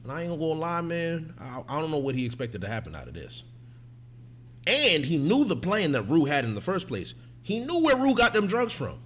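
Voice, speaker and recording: A man's voice: a little high, normal speed, slight background noise. A man giving emphatic, casual reaction commentary on a TV episode. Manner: animated and emphatic, often slipping into mocking impressions.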